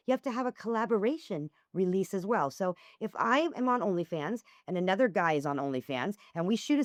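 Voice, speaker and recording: A woman's voice: no echo, clean studio sound. A middle-aged woman, a podcast guest and author, talking candidly and acting out the people in her stories with big swings of her voice. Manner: animated storyteller, acts out dialogue with big pitch swings. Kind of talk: candid interview conversation.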